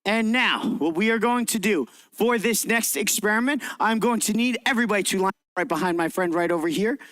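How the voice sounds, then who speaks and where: A man's voice: high-pitched, fairly quick, a bit bright, no room sound. A man presenting an interactive science demonstration for children, upbeat and theatrical as he directs the kids. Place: library event room.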